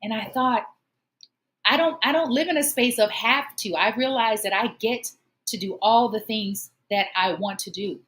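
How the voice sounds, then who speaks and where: Woman host, fairly high voice, heartfelt encouraging monologue, earnest delivery. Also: moderate pace, a bit bright. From Omaha, United States. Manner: earnest, encouraging, emotional at times. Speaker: show host.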